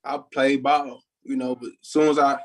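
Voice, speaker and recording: A young man speaks as a guest musician in a casual live interview. His delivery is flat and even, laid-back, and full of short yeahs. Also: mid-range voice, moderate pace, low-quality recording. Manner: laid-back, answers briefly with many yeahs. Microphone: call from a phone or computer.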